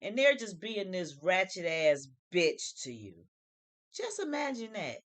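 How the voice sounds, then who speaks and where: A woman's voice: fairly low pitch, sing-song, measured pace. Woman, vlog host, emphatic, repetitive, casual commentary. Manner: emphatic, repeats phrases, uses slang. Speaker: show host reviewing reality TV.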